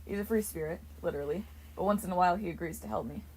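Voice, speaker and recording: A woman's voice: fairly low pitch, rapid-fire, darkish tone, breathy edge. A woman voicing a respectful, well-mannered teenage boy hero. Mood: friendly. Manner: polite and respectful.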